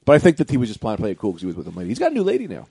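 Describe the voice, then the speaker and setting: Fast, animated man joking crudely. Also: fairly low pitch, creaky, husky. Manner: rambling, crude joking, laughs at own bits. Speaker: podcast host. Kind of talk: casual comedy chat. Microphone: podcast microphone with headphones.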